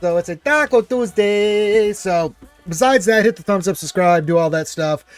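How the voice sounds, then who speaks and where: A man hosts a laid-back gaming live stream, his voice pitched a little above the usual for a man. He chats loosely and reads viewers' greetings aloud. Quiet music runs faintly behind him. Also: normal speed, no echo. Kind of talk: casual live stream chat.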